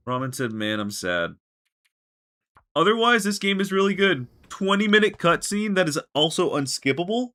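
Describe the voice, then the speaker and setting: A man's voice: high voice, lively intonation, a little fast, hardly any pauses, sharp tone. A man livestreaming a game, talking to chat in an exasperated, emotional way, stammering and swearing. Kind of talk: casual live game commentary.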